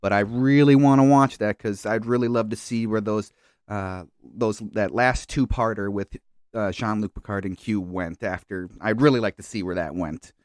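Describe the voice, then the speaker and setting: A man with a fairly low voice, co-hosting a casual podcast and rambling through his picks with plenty of ums and false starts. The sound is dry and close, with no room around it. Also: moderate pace, a little mellow, no echo. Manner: rambling, many fillers and restarts. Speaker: podcast co-host. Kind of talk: casual chat.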